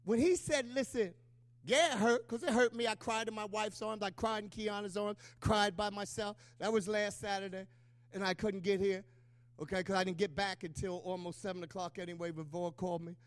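A man's voice: high-pitched, steady tone, a little fast, no echo. A middle-aged man, a pastor, preaching an emotional, conversational sermon with call-and-response asides.

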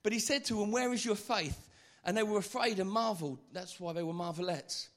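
A high-pitched man preaches to a church meeting, his bright, ringing voice carrying each point. He tells his stories with comic energy and acts them out as he goes. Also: fairly quick. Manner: animated, comic storytelling with acted-out voices. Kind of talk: comic evangelistic sermon.

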